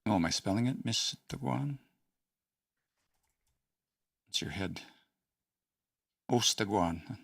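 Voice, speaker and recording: A man's voice: sits low, quick pace, creaky, fairly bright tone, no room sound, clean studio sound, far from the mic. A man hosting a casual study session, thinking aloud with hesitant restarts and small chuckles. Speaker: host studying a language.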